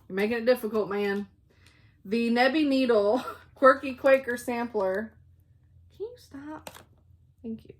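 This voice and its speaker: Host: chatty woman, casual show-and-tell, laughs a lot. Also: a little high. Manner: chatty, laughs often, talks to her dogs. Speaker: flosstube host.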